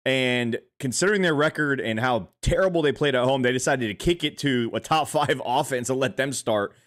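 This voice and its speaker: Animated man co-hosting a sports podcast. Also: medium pitch. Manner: animated, swears freely. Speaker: podcast co-host. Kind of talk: casual sports talk.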